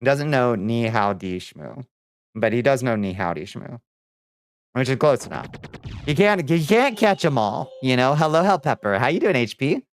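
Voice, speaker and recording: A man's voice: mid-range voice, sing-song, moderate pace, dry recording. A man streaming live, chatting casually with viewers, laughing often and swearing offhandedly. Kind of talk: casual livestream chat.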